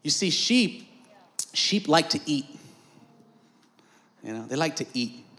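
A male pastor preaching a call-and-response sermon at an outdoor patio service, swinging between shouts and hushed lines. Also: fairly high pitch, lively intonation, slow.

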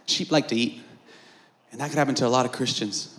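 A male pastor preaching a call-and-response sermon at an outdoor patio service, swinging between shouts and hushed lines. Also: medium pitch, steady tone, brisk, a little hiss or hum.

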